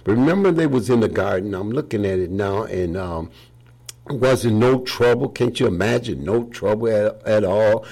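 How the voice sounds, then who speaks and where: Older-sounding gravelly guy preaching, husky low voice, folksy and rambly, keeps saying praise the lord. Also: moderate pace, warm tone. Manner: rambling, with many fillers. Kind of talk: informal sermon.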